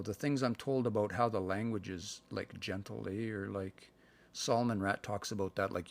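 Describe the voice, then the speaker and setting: A man from Canada giving a casual livestream language lesson, thinking aloud and slowly sounding out words between fillers. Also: lowish voice, vocal fry. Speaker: language learner sharing practice phrases. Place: indoors, livestream. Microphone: phone.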